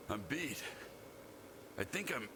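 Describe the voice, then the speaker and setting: An actor playing a lazy, wry school doctor who talks in a dry, teasing way in a video game. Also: male voice, medium pitch, background noise.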